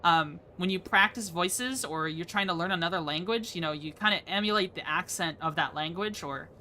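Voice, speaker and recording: A woman's voice: on the low side, normal speed, sharp tone, slight background noise. A young woman streaming a game, chatting casually and rambling from topic to topic, laughing often. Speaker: VTuber streamer. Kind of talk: casual live-stream chat.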